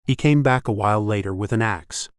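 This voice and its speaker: A man reading an audiobook in scripted narration, steady and measured. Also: on the low side, clear, resonant tone, no echo, studio quality.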